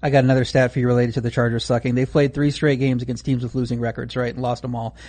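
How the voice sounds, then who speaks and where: A man's voice: medium pitch, level tone, quick pace, a little mellow. A man analyzing football bets in an analytical way, citing lots of stats. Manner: analytical, stat-heavy. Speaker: betting analyst. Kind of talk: sports betting chat.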